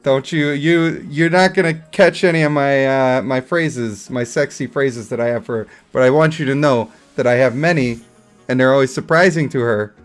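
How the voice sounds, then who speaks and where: A man's voice: mid-range voice, moderate pace, soft background music. A male streamer giving casual, crude, jokey commentary on a game, laughing often.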